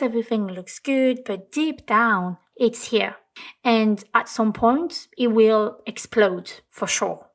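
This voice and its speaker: A woman hosting a self-help talk, speaking gently and reflectively, repeating phrases for emphasis. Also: a little high. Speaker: host.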